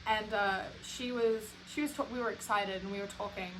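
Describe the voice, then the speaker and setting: A young woman co-hosting a casual chat podcast, telling stories in an animated way with quick restarts. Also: mid-range voice, a little hiss or hum, rough recording. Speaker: podcast co-host.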